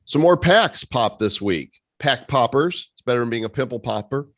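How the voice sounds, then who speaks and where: A man's voice: medium pitch, animated, brisk, fairly bright tone, no room sound. A man hosting a casual community meeting over a video call, teasing his co-hosts with sarcastic jokes. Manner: joking, teasing, sarcastic banter. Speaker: host.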